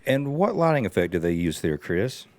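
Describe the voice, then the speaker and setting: A man co-hosting a podcast, telling behind-the-scenes stories in a relaxed way with many fillers. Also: fairly low pitch, moderate pace. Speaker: podcast co-host. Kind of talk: casual chat.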